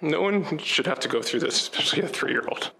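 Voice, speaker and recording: A man's voice: a little high, lively intonation, fairly quick, gravelly, pushed and bright, slight background noise, poor audio. A man speaking earnestly in an interview clip about a hard week. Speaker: athlete interviewed.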